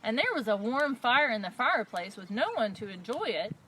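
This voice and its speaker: Casting: female children's librarian, high and very lively storytime voice, noisy recording. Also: brisk. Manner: expressive, lively storyteller voice for kids. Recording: loud background noise.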